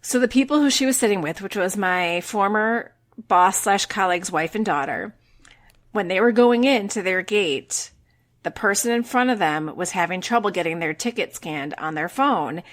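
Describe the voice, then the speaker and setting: A middle-aged woman co-hosting a podcast, telling a personal story in casual chat with lively delivery and casual swearing. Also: medium pitch, normal speed. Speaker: podcast co-host.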